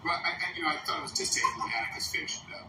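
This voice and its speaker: A man's voice: racing, noisy background. A man hosting a casual political chat, making sardonic jokes between figures he reads out. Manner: sardonic, quips and reads out statistics. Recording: roomy audio from far off with music behind.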